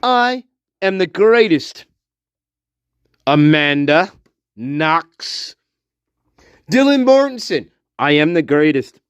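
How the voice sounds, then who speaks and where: Male true-crime ranter, high and swingy voice, slow deliberate delivery, accusatory and profane. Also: sing-song, clean tone, no room sound. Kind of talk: angry solo rant to camera. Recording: dull lo-fi dry recording.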